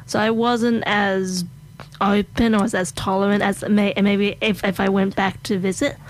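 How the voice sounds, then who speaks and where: A woman's voice: medium pitch, level tone, moderate pace. Friendly Australian woman hosting. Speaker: host. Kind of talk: casual interview chat.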